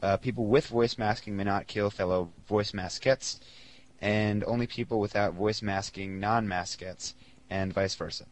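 Young male podcast co-host, lowish voice, rambling and giggly. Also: fairly even intonation, normal speed, low-quality recording. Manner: giggly, rambling, laughs often. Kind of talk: casual podcast chat, reading listener mail.

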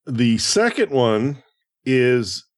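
A man's voice: medium pitch, big pitch swings, extremely slow, dry recording, studio quality. A man co-hosting a casual gaming show, matter-of-fact as he explains achievements. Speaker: game podcast co-host. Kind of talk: casual gameplay commentary.

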